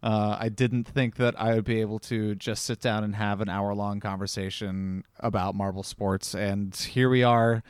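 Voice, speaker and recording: A man's voice: lowish voice, steady tone, normal speed, hardly any pauses, clear, resonant tone, dry recording. A man appearing as a guest on a podcast, talking in an upbeat, eager way. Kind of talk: casual podcast chat.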